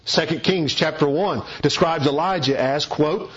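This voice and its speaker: A man preaching an expository sermon, emphatic and deliberate, leaning hard on key words. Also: on the high side, a bit bright, husky, lo-fi sound.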